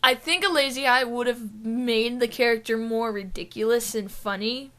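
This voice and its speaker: A woman's voice: a little high, normal speed, fairly bright tone. A woman co-hosting a casual gaming podcast, chatty and giggly, rambling with lots of fillers. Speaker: podcast co-host. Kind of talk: casual chat.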